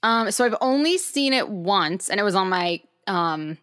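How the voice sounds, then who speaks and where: A woman's voice: medium pitch, lively intonation, a little slow, a bit bright, clear, resonant tone. A young adult woman co-hosting a pop-culture podcast, talking casually and rambling, with many likes and ums. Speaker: podcast co-host. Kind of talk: casual chat.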